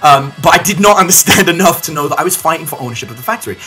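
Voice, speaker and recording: A man with a high, bright voice tells a story to camera and slips into the voices of the people in it as he goes. He talks fast, his pitch jumps all over the place, and soft music plays behind him. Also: low-quality recording. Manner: animated storyteller acting out dialogue. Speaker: business coach.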